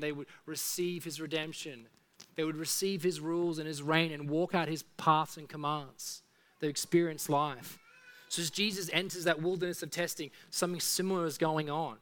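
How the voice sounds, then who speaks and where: Pastor, male, earnest sermon delivery, fairly high and very bright tone. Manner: earnest preaching, dropping soft and low for appeals.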